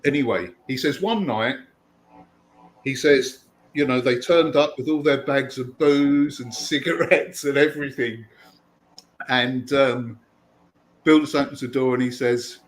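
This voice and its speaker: A man hosting a casual chat, telling long anecdotes with a relaxed, chatty delivery. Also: mid-range voice, a little slow, rough recording. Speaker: host.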